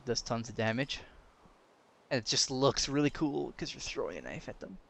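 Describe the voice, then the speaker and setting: A young man giving casual gameplay commentary, excitable, laughing and yelping when danger comes, chatting to the game's creatures. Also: mid-range voice, normal speed, gravelly, slightly rough. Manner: excitable, yelps and laughs at danger, talks to game mobs. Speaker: gaming commentator.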